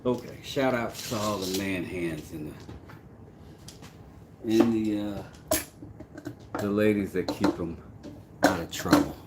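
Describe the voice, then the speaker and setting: A low-voiced man speaks slowly and pauses often, chatting casually on a live stream while doing woodwork. He jokes and talks to himself as he works, with noisy ambience in the background.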